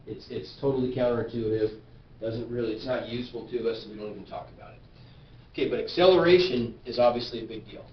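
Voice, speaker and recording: A man teaching physics in a classroom, stopping often to ask the class questions and check they follow. He sounds far from the camera, with a roomy echo, a dull muffled tone and a faint hiss underneath. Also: mid-range voice. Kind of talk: classroom lecture. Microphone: camera at a distance.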